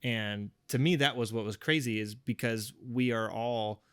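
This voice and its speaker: A man's voice: mid-range voice, measured pace, clean tone, no echo. A man co-hosting a podcast in casual, playful chat, easygoing and full of fillers. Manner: relaxed, filler-heavy, playful. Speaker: podcast co-host. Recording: dry close studio sound.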